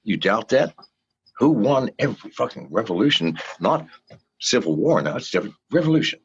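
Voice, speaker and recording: A man's voice: on the low side, big pitch swings, normal speed, slightly rough. An older man, a guest in an interview, ranting with fiery, profane pleas to his listeners in a dull lo-fi recording. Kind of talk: impassioned rant in an interview.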